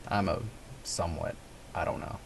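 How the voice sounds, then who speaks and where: A man talking casually in a gaming vlog, rambling, correcting himself and laughing often. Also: normal speed. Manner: rambling, chuckling, self-correcting. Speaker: gaming vlogger. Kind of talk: casual monologue.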